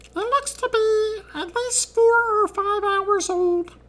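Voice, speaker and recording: Young gnome scout, very high pitched, slow formal report, tabletop role-play. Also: male voice, a bit bright, exaggerated voice. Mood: dutiful. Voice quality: high, thin put-on voice.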